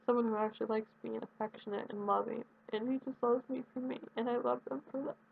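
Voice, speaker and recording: A young woman talking in a heartfelt personal video message, earnest and rambling, with halting restarts. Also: a little high, fairly even intonation, gravelly. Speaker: vlogger addressing her absent partner. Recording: tinny phone-quality audio with faint hiss.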